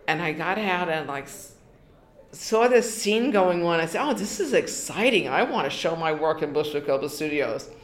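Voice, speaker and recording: An older woman from New York in an oral history interview, telling her story with many restarts and bits of quoted dialogue. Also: fairly low pitch.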